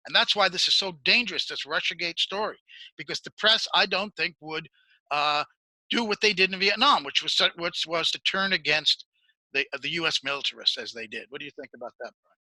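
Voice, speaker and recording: A man's voice: a little high, brisk, sharp tone, no room sound, rough recording. A man interviewing a guest, asking long, earnest multi-part questions. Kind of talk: political interview.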